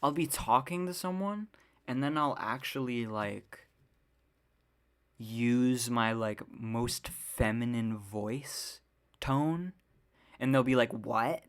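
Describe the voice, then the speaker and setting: A woman with a slow, bass voice hosts a casual solo podcast monologue. She rambles and rants in exasperation, full of fillers and frequent swearing.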